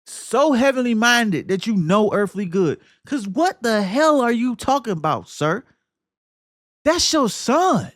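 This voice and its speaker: A man hosting a podcast, talking casually and emphatically about a film, cursing freely and swinging between loud outbursts and low muttering. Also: big pitch swings, measured pace, few pauses, dry recording, studio quality. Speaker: podcast host.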